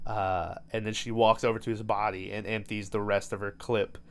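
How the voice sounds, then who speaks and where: A man's voice: lowish voice, little pitch movement, normal speed, smooth. A man hosting a podcast, recapping a movie in loose, profane storytelling full of "um" and "like". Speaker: podcast host.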